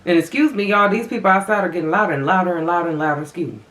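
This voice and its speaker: A woman's voice: fairly low pitch, rapid-fire, a bit bright, reverberant. A woman vlogger chatting casually to viewers while eating, calling them y'all, her voice swinging up and down. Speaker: mukbang vlogger.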